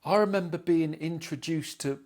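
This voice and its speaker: A man co-hosting a casual podcast chat, blunt and sweary, quick to argue back. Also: fairly high pitch, darkish tone. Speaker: podcast co-host.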